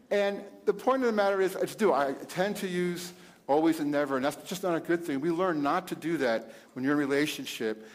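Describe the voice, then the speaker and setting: A middle-aged man with a fairly high voice talks about marriage in a loose, animated way, quoting scripture and breaking into loud bursts and laughs. His voice trails off into a long reverb. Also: fairly quick. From Italian heritage. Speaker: pastor and host. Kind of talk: casual marriage talk with scripture.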